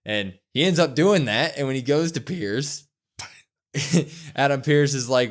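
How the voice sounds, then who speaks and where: A wrestling podcast co-host with a medium-pitched, expressive voice speaks at normal speed. He animatedly recaps a show's events in casual fashion, acting out what people said.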